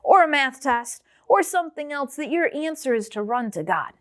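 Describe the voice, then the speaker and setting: A woman teaching children's church, telling a Bible story in an animated way and speaking directly to the children. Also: sits high, moderate pace. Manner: animated, addresses the kids directly.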